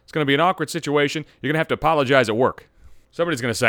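A man's voice: fairly high pitch, racing, fairly bright tone, no room sound, clean studio sound. A man hosting a podcast, delivering a vulgar comedic monologue with lots of swearing and mock outrage. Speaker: podcast host.

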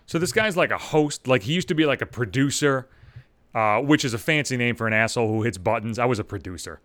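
Ranting man, lively swinging pitch. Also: fast, no room sound. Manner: angry, sarcastic, heavy swearing. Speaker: podcast host. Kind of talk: profane ranting monologue.

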